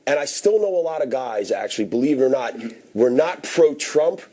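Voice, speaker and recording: Husky, mellow-voiced male veteran guest. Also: medium pitch, lively intonation. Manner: halting, restarts often. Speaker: panel guest, military veteran. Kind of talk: casual panel discussion.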